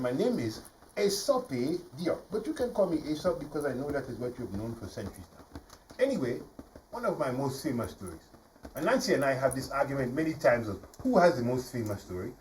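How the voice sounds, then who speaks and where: A man telling a folk tale in a live performance for a studio audience, animated and playful, often speaking straight to the crowd. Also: mid-range voice, fast, slight background noise. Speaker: storyteller. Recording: voice from a distance, faint ambience.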